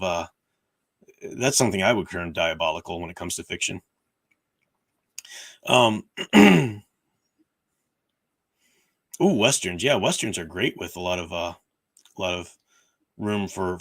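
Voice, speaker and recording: A man with a somewhat low voice hosts a casual livestream, explaining his views in an earnest, thinking-aloud way. His voice is tired and strained. He answers viewer questions at length. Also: moderate pace, long pauses, a bit bright. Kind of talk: casual livestream commentary on faith and fiction.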